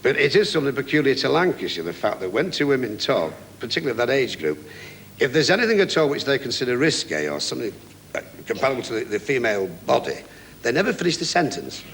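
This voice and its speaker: Gravelly, animated comic raconteur. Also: male voice, medium pitch, quick pace. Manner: chatty, gravelly, mimicking gossiping women. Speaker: comedian guest. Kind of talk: chat-show anecdote. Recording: noisy 1980s TV studio recording.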